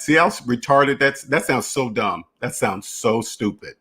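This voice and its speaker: A man's voice: mid-range voice, expressive, moderate pace, hardly any pauses, sharp tone, slightly rough. A man hosting a finance channel, talking in a rambling, repetitive solo monologue and acting out imagined dialogues. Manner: repetitive, restarts phrases, emphatic.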